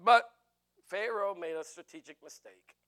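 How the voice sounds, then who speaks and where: A man preaching a sermon in an animated way, with jokey asides. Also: high voice, normal speed.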